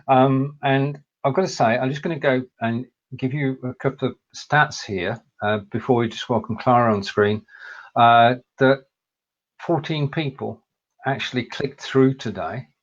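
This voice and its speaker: A man's voice: medium pitch, measured pace. Uk guy co-hosting a live show, upbeat, chatty, muffled lo-fi sound. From United Kingdom. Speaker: co-host. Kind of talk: casual live-stream chat. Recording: dull lo-fi audio.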